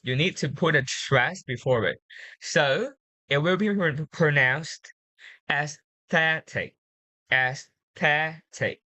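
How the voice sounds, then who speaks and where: Bright-voiced woman coaching pronunciation. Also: sits low, animated, no room sound. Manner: patient, drills words slowly and repeats them. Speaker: English pronunciation tutor.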